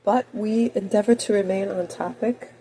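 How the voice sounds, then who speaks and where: A woman in her fifties with a cold, talking in a rambling personal monologue that swings between loud outbursts and soft mutters. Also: medium pitch, steady tone, moderate pace, slight background noise, low-quality recording. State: has a cold. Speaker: video blogger.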